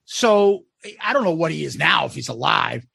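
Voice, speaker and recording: A man co-hosting a casual podcast, telling stories in an animated, profane way and laughing often. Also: a little high, normal speed, gravelly, husky, no echo, studio quality. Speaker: podcast co-host.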